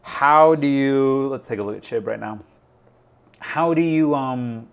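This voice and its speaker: A man's voice: mid-range voice, a little slow, gravelly, smooth, muffled recording. A man hosting a crypto live stream, talking in a rambling, chatty way full of fillers. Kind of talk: casual live-stream chat.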